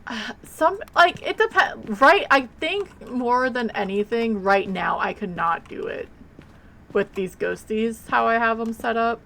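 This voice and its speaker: A woman's voice: a little high, animated, unhurried, vocal fry, fairly bright tone, slight background noise. A woman streamer chatting casually while playing a game, rambling and blunt, with offhand swearing. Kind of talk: casual live game commentary.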